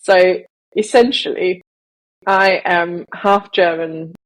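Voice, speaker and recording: A woman's voice: fairly low pitch, steady tone, takes it slowly, low-quality recording. A woman raised in Malaysia who speaks with a Southern English accent, co-hosting a casual podcast in a rambling way with frequent laughs. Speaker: podcast co-host.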